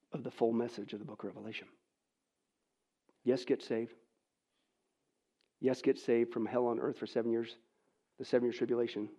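A man preaching a sermon, switching between hushed pleading and loud, incredulous questioning. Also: medium pitch, muffled recording.

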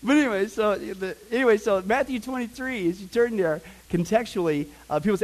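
High-voiced man preaching a lively sermon. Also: fairly quick, few pauses, poor audio. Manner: energetic, conversational, swings from quiet asides to loud emphasis. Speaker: pastor. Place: church sanctuary.

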